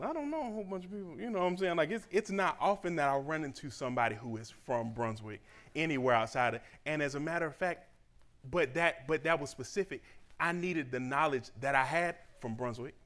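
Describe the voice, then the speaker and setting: A man speaking in a slightly higher-than-usual voice. He delivers a motivational graduation address in an animated, conversational way and acts out the voices of people he quotes. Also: brisk. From Southeast Georgia, USA. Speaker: speaker at a church graduation celebration. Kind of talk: motivational speech.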